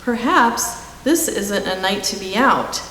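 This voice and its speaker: A woman's voice: mid-range voice, animated, a little slow, a bit bright. A woman voicing a pompous, self-assured male vegetable detective with grand, theatrical speech. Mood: self-important. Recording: echoey hall with faint hiss.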